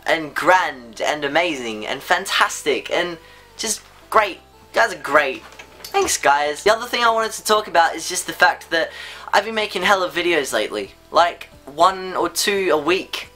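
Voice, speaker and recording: A sleepy young man talking to his viewers in a casual vlog monologue. He stutters and restarts often and rambles with excitable, gushing energy. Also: high voice, moderate pace, soft background music. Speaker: YouTuber.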